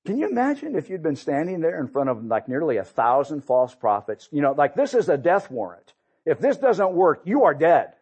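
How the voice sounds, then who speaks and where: A man's voice: fairly high pitch, very animated, moderate pace, darkish tone, slightly rough, highs cut off. A man preaching a sermon, conversational, often repeating and restarting words.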